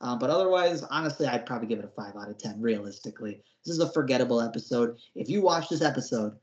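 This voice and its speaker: Talking fast in an expressive, slightly mellow mid-range voice, a man co-hosts a podcast where he reviews horror episodes. His casual rant is slangy and exasperated, mocking others with put-on whiny voices, and the recording sounds roomy, dull and lo-fi.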